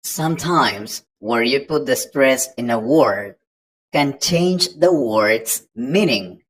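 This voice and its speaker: Woman English tutor, very low voice, slow and patient, walks learners through each point. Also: expressive, low-quality recording. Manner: patient, explains step by step to the learner. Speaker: English teacher. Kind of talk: online pronunciation lesson.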